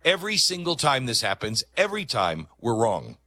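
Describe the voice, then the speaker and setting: A man delivering a commentary monologue in a bright, forceful voice that rises and falls a lot. He talks emphatically, in a conversational way, and leans on dramatic pauses. The sound is close and dry. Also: medium pitch, wildly swooping pitch, no room sound. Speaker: talk show host.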